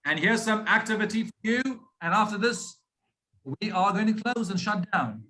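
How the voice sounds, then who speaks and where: A man teaching pronunciation over a video call, stretching out words slowly and patiently to demonstrate stress. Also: sits high, pushed and bright, poor audio. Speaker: pronunciation coach. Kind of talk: online speaking lesson.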